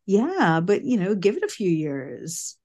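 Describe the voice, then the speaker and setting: A woman speaking as a psychic medium guest in a casual interview, chatty and animated, often restarting her sentences. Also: medium pitch, unhurried. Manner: chatty, animated, self-correcting.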